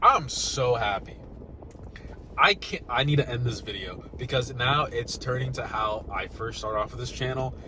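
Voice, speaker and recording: A young man vlogging casually about new laptops, swinging between loud excitement and mumbled asides. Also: medium pitch, moderate pace, noisy background. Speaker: tech YouTuber.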